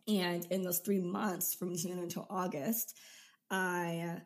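A woman in her twenties speaks in a somewhat low register as a podcast guest. She tells her story with energy and laughs often. It sounds like a casual, personal interview. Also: little pitch movement, slow pace. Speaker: podcast guest, business coach.

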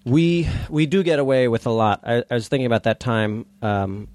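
A man's voice: medium pitch, moderate pace, darkish tone, no echo. A man from New York City co-hosting a podcast, telling rambling anecdotes. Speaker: podcast co-host. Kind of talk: casual podcast chat.

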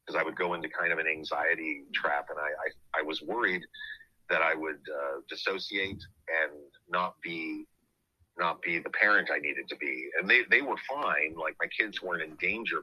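A man's voice: very deep voice, moderate pace, bright, forceful tone, dry recording, rough recording. A man hosting a podcast, telling a personal story in an earnest, reflective way. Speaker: podcast host.

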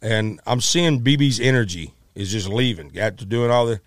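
A middle-aged man, a musician, telling a story in a casual, animated way, acting out quotes with many restarts. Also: on the low side, normal speed, no room sound, clean studio sound.

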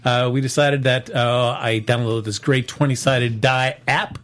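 A man's voice: mid-range voice, steady tone, unhurried, fairly bright tone. A man hosting a casual live-streamed film and box office chat, rambling with lots of fillers. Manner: rambling, many fillers and restarts. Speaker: podcast host.

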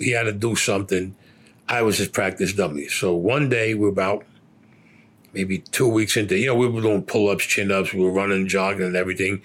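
Husky older Brooklyn man telling stories. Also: lowish voice, a bit bright. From Brooklyn, New York. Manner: blunt, swears constantly, acts out quoted dialogue. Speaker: interviewee. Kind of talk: profane personal storytelling.

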